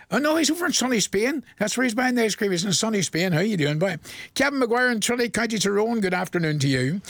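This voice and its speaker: Man, radio request show host, rambling and chatty, fairly high voice, dry studio sound. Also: creaky, a bit bright, no room sound. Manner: chatty, rambling, laughs at own jokes. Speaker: radio presenter. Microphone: studio mic.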